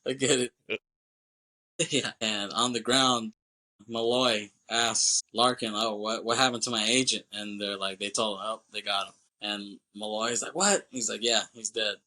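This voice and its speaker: A male podcast host recaps a film with loose, animated energy, jumping into quick impressions of the characters and laughing along the way. His voice is bright and forward. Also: lowish voice. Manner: animated retelling, acts out character lines, laughs often, swears. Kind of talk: casual movie recap.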